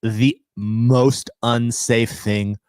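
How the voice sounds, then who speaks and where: A man's voice: mid-range voice, fairly even intonation, extremely slow, darkish tone, clear, resonant tone, no echo, studio quality. A man co-hosting a podcast, talking in a playful, goofy, teasing way. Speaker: podcast co-host. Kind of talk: casual chat.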